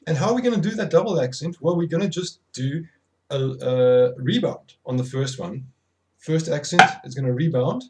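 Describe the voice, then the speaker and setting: A man's voice: a little high, normal speed, mellow. Man, drum tutor, casual instruction, counts beats aloud, fillers, faint background noise. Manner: counts rhythms aloud, self-correcting, loose with fillers. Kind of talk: instructional demonstration.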